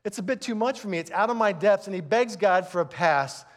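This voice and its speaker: A man's voice: high-pitched, animated, fairly quick. A man in his fifties, a pastor giving a conversational, earnest sermon with frequent restarts.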